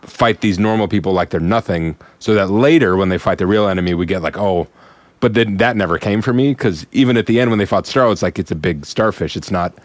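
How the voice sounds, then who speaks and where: A man's voice: deep voice, fast talker, no room sound. A man co-hosting a podcast, casually breaking down a film's scenes, laughing often and padding his points with "like". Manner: analytical, laughs often, hedges with "like". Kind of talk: casual film discussion.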